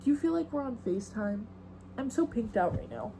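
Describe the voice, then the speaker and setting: A woman's voice: fairly high pitch, lively intonation, brisk, background noise. A young woman hosting a podcast alone, chatting in a rambling, slangy, self-mocking way into a phone camera. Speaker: podcast host. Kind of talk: casual solo chat.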